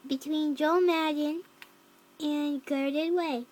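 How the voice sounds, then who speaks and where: A woman voicing a young cat-girl troll who reads a fanfic aloud, with flat narration, mocking asides and yelled quotes. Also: high voice, slow pace. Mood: deadpan reading. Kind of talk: fan reading of a story.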